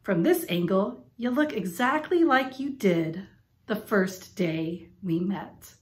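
A woman's voice: medium pitch, big pitch swings, normal speed, lightly acted. A woman voicing a middle-aged male grocer in a storybook read-aloud, in a plain, mild tone.

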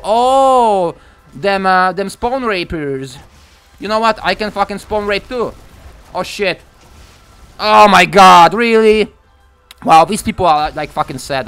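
Young male gamer, live commentary, bright lively voice, excitable, swears a lot, prone to yelling. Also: on the high side. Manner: excitable, profane, bursts into yelps and shouts. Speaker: gameplay commentator.

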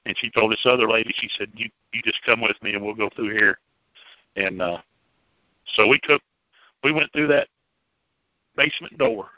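Middle-aged man, low voice, folksy testimony teller, dull lo-fi recording. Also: moderate pace, long pauses, dry recording. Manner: folksy, plainspoken storytelling. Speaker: church member giving testimony. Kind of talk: personal testimony told to a group.

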